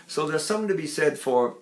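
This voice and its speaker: A man's voice: a little high, reverberant. A man in his eighties teaching vocal technique, breaking into sung syllables to demonstrate. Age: 80s.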